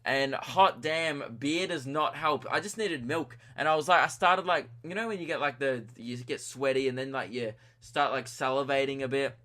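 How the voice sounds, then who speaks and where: A man's voice: medium pitch, moderate pace, hardly any pauses, pushed and bright. An Australian man hosting a podcast, telling a rambling comic story with chuckles and self-mocking asides. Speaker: podcast host. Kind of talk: comedic storytelling monologue.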